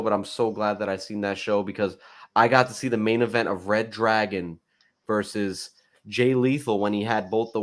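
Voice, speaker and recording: A man co-hosting a casual wrestling podcast, talking in an excitable, rambling way and laughing often. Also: on the low side. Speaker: podcast co-host.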